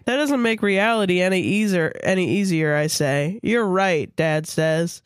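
A woman's voice: on the low side, moderate pace, clear, resonant tone, no room sound. Dry-voiced woman reading a story aloud. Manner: casual, crude asides mid-reading. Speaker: podcast co-host.

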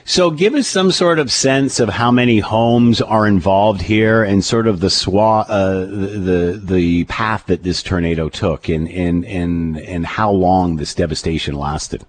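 A man hosting a radio talk show, speaking in a relaxed way with fillers and restarts. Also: sits low, a little slow, hardly any pauses, slight background noise.

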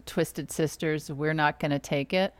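A woman's voice: low voice, steady tone, measured pace, no echo. A woman co-hosting a podcast in casual chat, with a dry, teasing manner. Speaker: podcast co-host.

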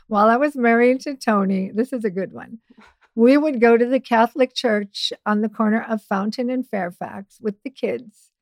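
A woman's voice: fairly high pitch, moderate pace, no room sound. A middle-aged woman, a podcast guest, telling a personal story in a chatty way with many asides and restarts. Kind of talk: casual storytelling.

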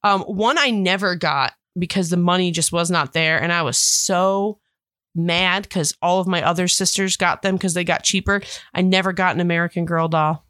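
A woman's voice: lowish voice, normal speed, no echo, clean studio sound. A woman in her thirties, chatting casually as a podcast co-host and acting out the people in her stories. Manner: animated storyteller, acts out quoted voices. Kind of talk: casual chat.

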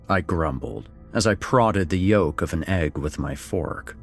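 A middle-aged man narrating a first-person story, expressive and wry, voicing the dialogue. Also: deep voice, unhurried. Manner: expressive, swings between wry and somber. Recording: faint background music.

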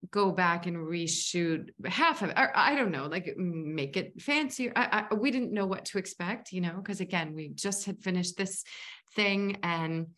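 A woman's voice: lowish voice, expressive, a little slow, fairly bright tone. A woman, an actress and filmmaker, telling stories in a casual interview, chatty and rambling with many fillers and restarts. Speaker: actress and filmmaker, podcast guest.

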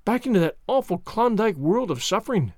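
A man reading a storybook puts on a higher voice for an earnest young wife who pleads passionately. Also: very animated, brisk, darkish tone, no room sound, studio quality. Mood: pleading.

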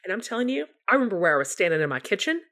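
Animated, self-deprecating storyteller woman. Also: medium pitch, rapid-fire. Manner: animated, self-deprecating, acts out her own past words. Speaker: guest author. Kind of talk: candid personal storytelling.

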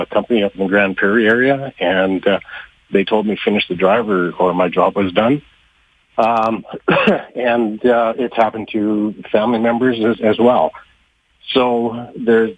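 A man who works with trucking companies, answering radio interview questions in a halting way with many fillers and restarts, a little out of breath. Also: on the low side, dry recording. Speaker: trucking industry guest. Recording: muffled phone-like line, dry.

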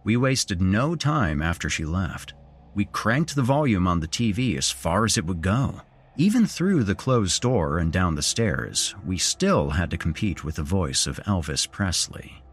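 A man with a husky, somewhat low voice narrates a first-person horror tale. His delivery is expressive, with pitch rising and falling widely through the story. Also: unhurried. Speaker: podcast host and narrator.

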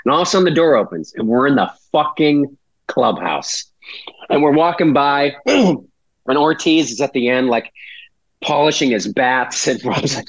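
A man's voice: medium pitch, lively intonation, moderate pace, dry recording. A man from Massachusetts, a podcast guest telling a rambling story and swearing freely. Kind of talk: casual storytelling. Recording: dull dry lo-fi audio.

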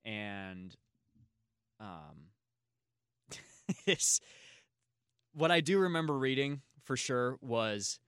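A man hosts a casual podcast, telling a long, meandering story packed with filler words. His voice is bright and forceful, with sudden loud laughs. The sound is dry and close to the mic. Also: medium pitch, sing-song, extremely slow, pauses often, clean tone, no room sound. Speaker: podcast host.

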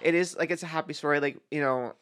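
Soft-spoken halting man, podcast co-host. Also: a little high. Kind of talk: casual chat.

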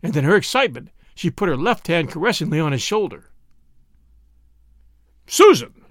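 Male narrator, high and very animated, close and dry, classic-story audiobook. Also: quick pace, no room sound. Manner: expressive storytelling, lively delivery.

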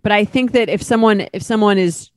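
A woman's voice: medium pitch, brisk, dry recording. A woman co-hosting a podcast, talking in an easy, conversational way. Her voice sits in a middle register, and she often trails off mid-thought. The sound is close and completely dry. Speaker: podcast co-host. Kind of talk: casual chat.

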